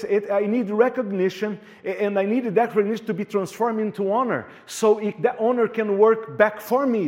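High voiced pastor preaching, animated, repeats himself, cracks jokes. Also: male voice. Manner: animated, repetitive, joking with the congregation. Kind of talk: sermon.

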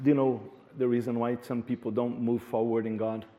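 A male pastor preaching a sermon in an animated way, repeating words and joking with the congregation. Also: mid-range voice, a little fast.

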